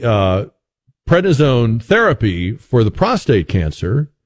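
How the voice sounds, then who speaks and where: A man's voice: medium pitch, darkish tone, no echo. A man hosting a call-in radio talk show, musing conversationally with frequent restarts and fillers.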